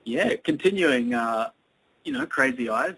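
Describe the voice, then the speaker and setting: Male interviewer, laid-back, raspy with a gravelly edge. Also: medium pitch, measured pace, poor audio. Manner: relaxed, brief backchannel replies. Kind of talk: casual interview questions.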